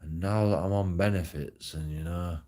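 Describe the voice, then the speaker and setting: A man's voice: low-pitched, fairly even intonation, moderate pace, mellow. A man telling a personal story in a rambling, heavily sworn casual monologue. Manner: heavy swearing, rambling with restarts.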